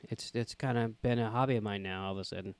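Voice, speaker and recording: A man co-hosting a podcast, chatting casually about football, profane and joking in quick back-and-forth. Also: lowish voice, a little mellow, smooth. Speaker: podcast co-host. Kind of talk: casual sports chat.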